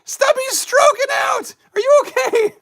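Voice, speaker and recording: Shrill, rowdy skeleton host for a puppet comedy show, loud and giggly, played by a woman. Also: unhurried, creaky, full character voice.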